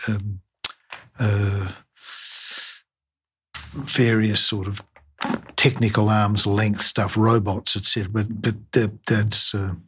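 An older surgeon speaks in an interview, his voice low and a little husky. He talks haltingly, filling gaps with "uh" and "um" and restarting his sentences as he recalls his work. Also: flat delivery, bright, forceful tone. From Australia. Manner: halting, many fillers and restarts. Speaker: craniofacial surgeon.

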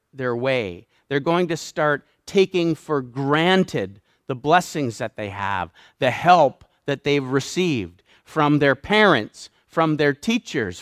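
A Canadian man with a Canadian accent delivers a sermon, driving his points home by repeating phrases with growing emphasis. His voice sits a little high for a man. The sound is close and dry, with no room echo. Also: clear, resonant tone. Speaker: pastor.

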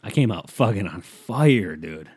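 A young man rambles through his solo podcast in a low voice, swearing freely and trailing off into mumbled asides. His delivery is loose and deadpan. The sound is dry and close, with no room around it. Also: measured pace, husky, no room sound. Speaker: podcast host. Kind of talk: casual solo podcast rant.

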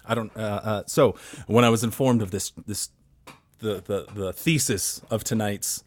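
Low-voiced man pitching a game show, profane. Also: a little slow. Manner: profane, rambling, playful. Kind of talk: comedic podcast pitch.

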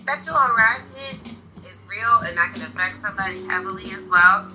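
A woman's voice: mid-range voice, fairly quick, pushed and bright, soft background music, low-quality recording. A young woman in casual conversation, talking bluntly and heatedly and swearing freely.

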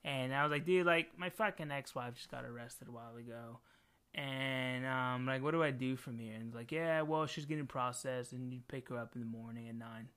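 Bright-voiced man telling loose stories. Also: mid-range voice, a little fast, clear, resonant tone. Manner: loose storytelling with heavy swearing. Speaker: podcast co-host. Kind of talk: casual chat.

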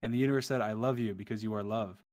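A man streaming live, reading a long poem aloud as it scrolls past and breaking off into exasperated asides when the text moves too fast. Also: lowish voice, steady tone, a little mellow.

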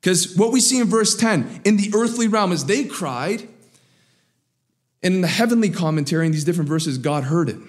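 A man preaching a sermon, swinging between raised, emphatic lines and low, quiet asides. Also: expressive, normal speed. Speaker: pastor.

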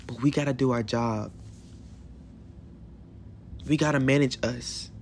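A man in his twenties hosting a solo podcast in a hotel room, talking in an emotional, affirming way with animated bursts. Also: mid-range voice, unhurried, long pauses, slight background noise. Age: 20s. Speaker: podcast host.

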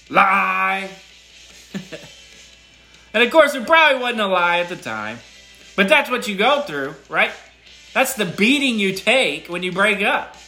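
A middle-aged man talks in a loose, rambling voice message, with a swinging, lively pitch. His voice is bright and forceful, and he hammers on repeated words. Faint music plays underneath. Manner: animated and emphatic, with repeated words. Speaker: listener sending a voice message. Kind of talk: casual rambling monologue.

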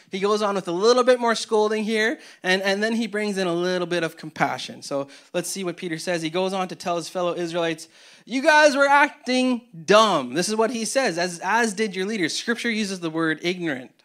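A man, a pastor, preaching a conversational sermon to his church with energetic, casual delivery and frequent restarts. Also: sits high.

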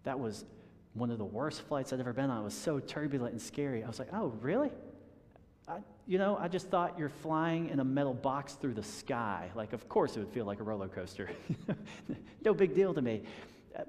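A man's voice: medium pitch, expressive, fairly quick, darkish tone. Chatty man preaching in a reverberant hall. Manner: conversational, self-deprecating with chuckles and repeated restarts. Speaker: pastor. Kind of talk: sermon.

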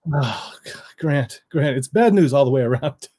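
An American hypnotist chats casually as a guest, laughing often and circling back over his sentences. His mid-range voice is expressive, mellow and slightly breathy, at a moderate pace.

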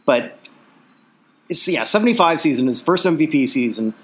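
A man's voice: fairly high pitch, very animated, moderate pace. A man co-hosting a casual sports podcast, reeling off statistics with plenty of fillers. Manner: reels off statistics, filler-heavy. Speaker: podcast co-host.

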